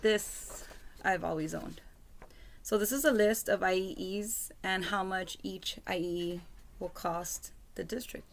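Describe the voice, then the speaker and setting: A woman records a casual vlog at her home computer, talking in a loose, rambling way full of ums and quick apologies. Her mid-pitched voice has a gravelly, creaky edge. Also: a little hiss or hum. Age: adult with a school-age son. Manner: rambling, apologetic, many fillers. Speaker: parent vlogger. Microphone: computer webcam mic.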